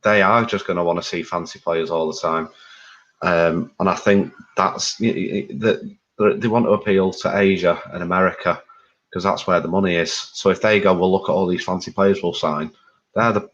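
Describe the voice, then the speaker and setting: A man's voice: low voice, steady tone, fairly quick, a bit bright. A man talking as a fan pundit in a casual discussion. He speaks candidly, rambles and swears. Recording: dull lo-fi audio.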